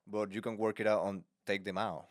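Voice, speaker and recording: A man co-hosting a podcast, telling a story in animated casual chat, laughing often and speaking with slightly uneven grammar. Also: on the low side, a little fast, dry recording, clean studio sound. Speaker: podcast co-host.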